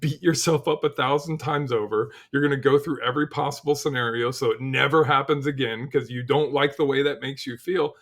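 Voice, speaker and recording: Podcast guest, middle-aged man, gravelly voice, mid-range pitch, loose storytelling with lots of restarts. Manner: animated storyteller, acts out quotes, frequent "like" and restarts. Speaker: podcast guest, cybersecurity leader. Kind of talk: casual interview chat.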